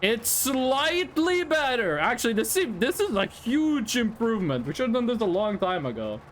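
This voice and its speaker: A man's voice: very high voice, big pitch swings, moderate pace, fairly bright tone, a little hiss or hum. A young man from Norway, a native Norwegian speaker, chatting casually and rambling to his live-stream viewers while he plays. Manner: rambling, chatty, talks straight to chat.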